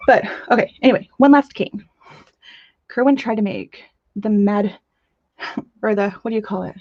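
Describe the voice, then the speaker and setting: A woman hosting a casual crafting livestream, chatting in a bubbly way with quick gushing asides while she demonstrates. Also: mid-range voice, a little mellow, dry recording, highs cut off. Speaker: crafting channel host. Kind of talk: casual live-stream chat with demos.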